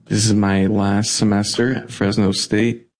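A young man in his twenties, a college student, speaking softly and hesitantly in an interview. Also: fairly low pitch, flat delivery, unhurried. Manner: soft-spoken, hesitant with fillers.

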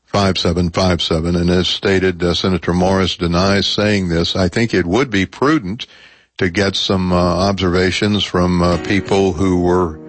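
A man hosting a public radio talk show, speaking in a measured, halting way with frequent fillers. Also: low-pitched, steady tone. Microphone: studio microphone.

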